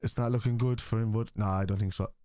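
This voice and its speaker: A man's voice: on the low side, steady tone, fast talker, warm tone, dry recording. A man with an Irish accent hosting a livestream football watchalong. He argues bluntly with viewers in the chat and swears casually. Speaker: host.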